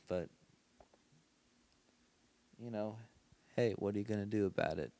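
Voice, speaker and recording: A man's voice: sits low, normal speed, pauses often, darkish tone, no room sound. A tired man hosting a casual solo podcast late at night, rambling and often laughing to himself. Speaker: podcast host.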